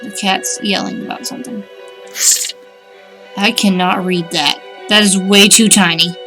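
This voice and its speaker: A woman's voice: medium pitch, fairly even intonation, measured pace, sharp tone, soft background music. A woman streaming a game, chatting wryly, thinking aloud and reading on-screen text. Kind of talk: casual let's-play commentary.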